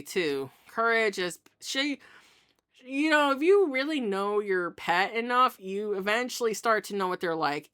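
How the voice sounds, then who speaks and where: A woman's voice: fairly high pitch, pushed and bright, clean tone. A woman vlogging from her home in a casual, rambling monologue with many restarts.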